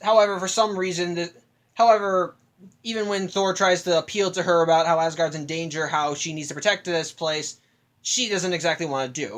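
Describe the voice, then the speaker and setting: A man's voice: fairly high pitch, fairly bright tone. A young man casually recapping a film, rambling with frequent restarts and self-corrections.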